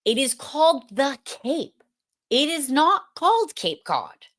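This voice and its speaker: A middle-aged woman hosts a casual livestream. Her voice sits a little high, and she takes her time, drawing out words in a playful, teasing way. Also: sing-song, takes it slowly, a bit bright. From Massachusetts. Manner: playful, teasing, talks to the chat. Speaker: livestream host.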